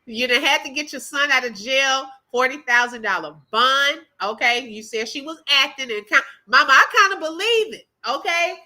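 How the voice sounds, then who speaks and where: A woman's voice: high-pitched, moderate pace, hardly any pauses, bright, forceful tone, poor audio. A woman hosting a reaction channel, reacting to clips in casual commentary, laughing often and exclaiming in drawling slang asides.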